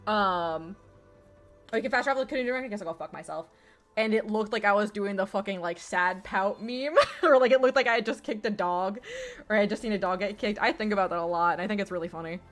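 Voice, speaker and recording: A woman's voice: mid-range voice, fast talker, a bit bright, soft background music. A young woman streaming a video game from home, rambling in casual, self-deprecating commentary full of swearing and laughter. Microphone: streaming mic with webcam.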